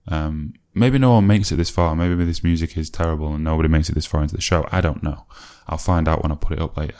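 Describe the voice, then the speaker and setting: A man with a deep, low-pitched voice talks through his own old tracks in a relaxed, reflective way. He muses and rambles, with plenty of ums and restarts as he thinks aloud. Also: fast. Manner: musing and rambling, with many fillers and self-corrections. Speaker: musician reviewing his own old album. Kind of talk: casual reflective commentary.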